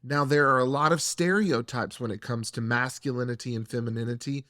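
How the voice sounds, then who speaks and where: A man leads a faith-based conversation in a measured, reflective tone. His voice sits at an ordinary pitch for a man. The sound is dry, with no room echo. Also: bright, forceful tone. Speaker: church podcast host.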